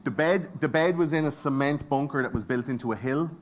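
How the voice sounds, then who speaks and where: A man's voice: mid-range voice, fairly quick, slight background noise. Profane, joking Irish man on stage. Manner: profane, jokey, bantering with audience. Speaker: conference speaker. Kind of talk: comedic live talk. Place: conference stage before audience.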